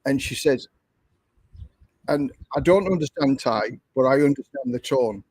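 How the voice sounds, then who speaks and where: Husky older Englishman telling a story. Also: mid-range voice, unhurried, a little mellow, dry recording, rough recording. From England. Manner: chatty, repetitive, conversational storyteller. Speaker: livestream host. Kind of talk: casual livestream storytelling.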